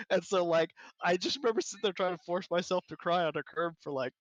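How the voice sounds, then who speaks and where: A young man telling a childhood story in casual chat, animated, acting out his own past thoughts. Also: sits high, fast talker, few pauses, no echo, muffled recording. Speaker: podcast co-host.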